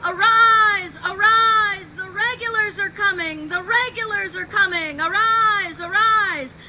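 A woman voicing a frantic colonial male rider who shouts warnings at the top of his lungs. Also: sits high, slow, heavy background noise. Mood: shouting alarm.

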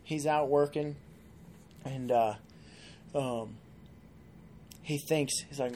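A man as a podcast guest, telling a long joke in an animated, casual way. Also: medium pitch, slow pace, long pauses, a little hiss or hum. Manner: animated storyteller.

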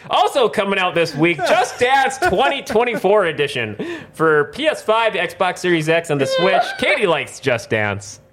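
A man's voice: high-pitched, very animated, moderate pace, hardly any pauses, a bit bright. A man from North Dakota hosting a casual gaming podcast, rattling off new game releases in a playful, rambling way. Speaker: podcast host. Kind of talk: casual chat, news rundown.

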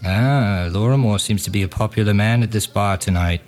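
A man's voice: on the low side, normal speed, darkish tone, soft background music. A man narrating as game master of a tabletop game, casual and hesitant with many fillers.

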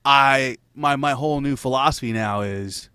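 A man's voice: mid-range voice, normal speed, pushed and bright, smooth, dry recording. A man in casual chat, telling a rambling, profanity-laced story and laughing between lines.

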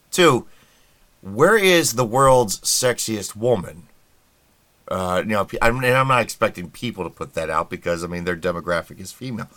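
A man's voice: lowish voice, fairly bright tone. A middle-aged man hosting a podcast, delivering a casual, sarcastic, rambling opinion monologue with wry asides. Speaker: podcast host.

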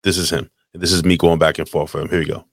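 A man's voice: sits low, flat delivery, quick pace, creaky, no echo, studio quality. A man hosting a live podcast, telling a long rambling story in casual, crude chat with lots of swearing. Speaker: podcast host. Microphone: desk mic, live stream.

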